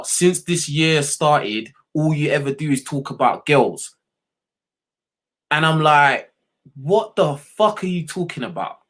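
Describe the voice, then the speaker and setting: A man's voice: mid-range voice, fairly bright tone. A young man hosting a livestream, ranting bluntly and with lots of swearing at his chat, and he keeps asking "you know what I mean". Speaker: livestream host. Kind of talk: unscripted rant to livestream chat.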